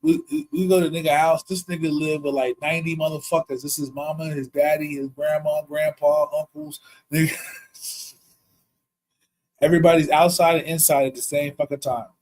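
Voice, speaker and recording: A man tells a story on a casual podcast, swearing freely and laughing as he goes. His voice sits a little high for a man. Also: normal speed, low-quality recording. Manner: profane, animated, laughs often.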